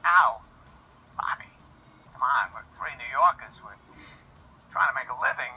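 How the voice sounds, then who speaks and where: A man impersonating an offbeat older male New York actor with halting, oddly stressed phrasing. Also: medium pitch, lively intonation, pushed and bright, husky, exaggerated voice, rough recording. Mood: persuasive.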